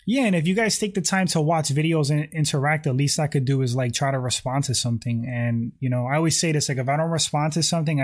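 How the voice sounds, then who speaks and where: A man hosting a casual livestream, reading viewer comments aloud and answering them. He rambles, leans on "like" and "you know" a lot, and keeps clearing his throat. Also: fairly high pitch. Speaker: YouTube livestream host.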